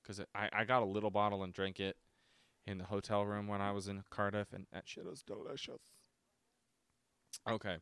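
A man's voice: fairly low pitch, steady tone, a little fast, gravelly, long pauses, fairly bright tone, clear, resonant tone, no room sound. A man in his twenties chatting casually to camera as he reviews a drink, rambling, swearing freely and poking fun at himself. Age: 20s.

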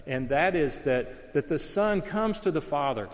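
A man delivers a sermon in an earnest, emphatic way, leaning into his main points. His voice sits a little high for a man. The sound carries the long reverb of a large hall. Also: expressive, unhurried. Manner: earnest, emphatic, rises to stress key points. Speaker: preacher.

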